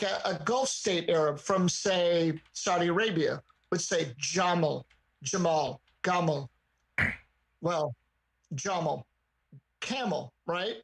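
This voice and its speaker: A podcast co-host in a casual discussion, speaking in an animated, emphatic, conversational way. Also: medium pitch, husky, low-quality recording.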